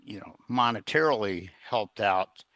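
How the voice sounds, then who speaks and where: A man's voice: on the low side, lively intonation, measured pace, a bit bright, dry recording. A middle-aged man telling a personal story as a guest in an interview, rambling, with plenty of fillers and restarts. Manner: earnest, plain-spoken. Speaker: guest, executive coach.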